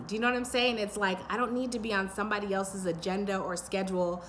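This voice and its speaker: A woman giving a pick-a-pile tarot reading to her viewers, rambling and intuitive, full of fillers and restarts, and slowing down to a soothing pace in places. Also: medium pitch, fairly even intonation, fairly bright tone, a little hiss or hum. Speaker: tarot reader.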